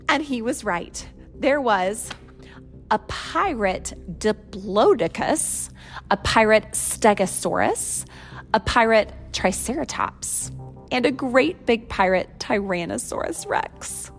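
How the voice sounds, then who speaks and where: A woman reading a picture book aloud, slow and expressive, voicing each character. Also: mid-range voice, soft background music. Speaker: storyteller.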